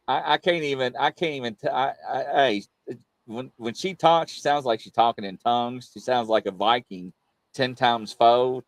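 A man's voice: mid-range voice, moderate pace, dry recording. A man with a Birmingham accent hosting a casual livestream chat, rambling and repeating himself often. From England. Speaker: host.

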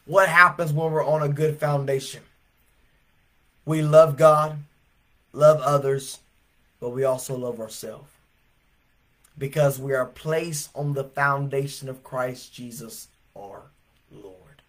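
A man preaching a revival sermon as an evangelist, telling stories animatedly and swelling to shouts. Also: mid-range voice, slow, pauses often.

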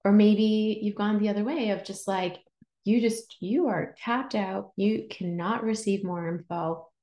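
A woman hosting a casual spiritual podcast, chatty and animated, acting out inner voices as she teaches. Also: medium pitch, roomy sound. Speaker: podcast host and Reiki teacher.

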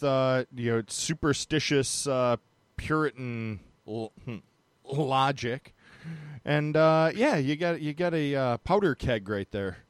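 A man's voice: medium pitch, clear, resonant tone, dry recording. A man hosting a podcast, chatting casually and joking, with a rambling delivery full of fillers. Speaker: podcast host.

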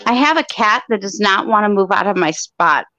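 A woman's voice: medium pitch, lively intonation, normal speed, pushed and bright, muffled recording. A woman co-hosting over a video call, chatting in a bubbly, enthusiastic way. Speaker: co-host. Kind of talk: casual chat.

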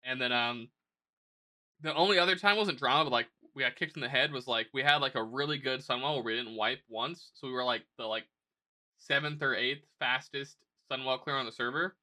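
A young man co-hosting a podcast, telling animated stories in a casual, profane way. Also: medium pitch, fairly quick. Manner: animated storytelling, lots of swearing. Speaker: podcast co-host. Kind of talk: casual chat.

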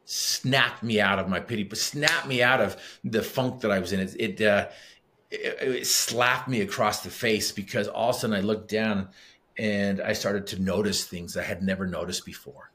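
Middle-aged guy on a podcast, lowish voice, tells his story vividly and acts out who said what. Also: steady tone, moderate pace, bright, forceful tone. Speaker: podcast guest. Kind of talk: conversational interview storytelling.

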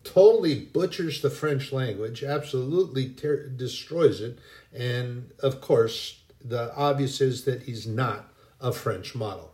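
A man's voice: mid-range voice, a little mellow. Folksy, rambling man giving a devotional. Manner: folksy, rambling, with many pauses and restarts. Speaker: Christian speaker. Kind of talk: casual devotional talk.

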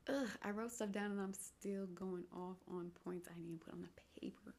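Speaking in a low-leaning, darkish, steady voice at a moderate pace, a young podcast host rambles through her solo show. She wanders off topic, pokes fun at herself and keeps dropping to a whisper.

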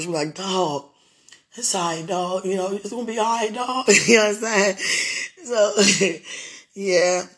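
Pitched low, a woman's voice carries a tearful, sincere prayer and personal message, stopping and starting amid quiet laughter and sighing.

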